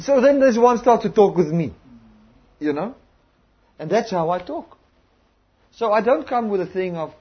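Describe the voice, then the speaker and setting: Male preacher, very husky voice, lively pitch swings, muffled lo-fi recording. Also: moderate pace. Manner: animated storytelling, acting out conversations. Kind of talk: sermon on evangelism. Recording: dull lo-fi recording.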